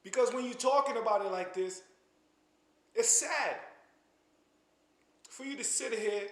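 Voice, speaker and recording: A man speaks in a fairly high voice, lecturing with real passion and tripping over repeated words as he pushes his point. The sound carries a noticeable room echo, as if recorded in a bare space. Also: unhurried, long pauses. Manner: impassioned, stammering restarts, preachy. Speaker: commentary channel host. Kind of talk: casual spoken commentary to camera.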